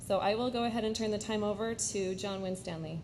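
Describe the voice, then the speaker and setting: A woman moderating an event in a high school auditorium, briskly reading the speaker introductions from a program. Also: darkish tone, a little hiss or hum.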